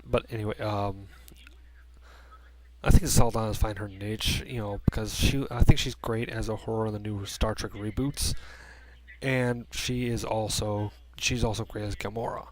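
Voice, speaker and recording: A man's voice: lowish voice, fairly even intonation, moderate pace. A man giving a casual spoken movie review from a room at home, rambling with many restarts and fillers.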